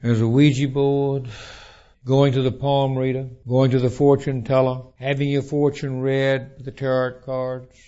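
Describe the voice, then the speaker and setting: A man preaching a sermon, telling stories in a folksy, animated way. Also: medium pitch, unhurried, muffled recording. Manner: folksy, animated storytelling with restarts.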